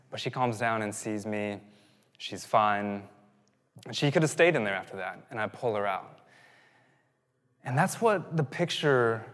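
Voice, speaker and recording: A man's voice: medium pitch, a bit bright. A man in his thirties preaching a sermon, telling a personal story in a casual, conversational way that keeps circling back and then builds to emphatic peaks. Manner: conversational, self-interrupting, rising to emphatic peaks. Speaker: pastor. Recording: long hall reverb.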